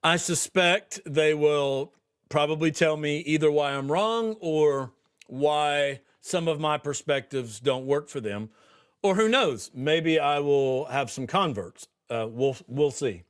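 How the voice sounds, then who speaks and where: A man's voice: fairly high pitch, takes it slowly, smooth. A man hosting a podcast livestream, chatting casually with viewers in a rambling way, laughing often and restarting his sentences. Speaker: podcast host. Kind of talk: casual livestream chat reading viewer comments.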